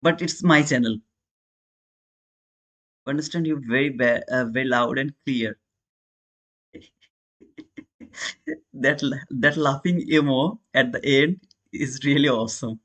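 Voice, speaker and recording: Unhurried and pausing often, this man speaks at a medium pitch with a fairly bright tone. He's a day trader hosting a live trading stream with an Indian accent, casually chatting with viewers, calling them brother and answering chat.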